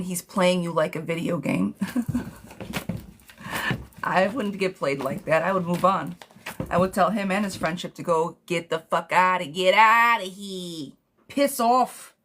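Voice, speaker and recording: Woman tarot reader, low voice, blunt and salty but affectionate, faint background hiss. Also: fairly even intonation, normal speed, long pauses. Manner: blunt, frank, swears freely; affectionate pet names for viewers. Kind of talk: live-streamed tarot reading.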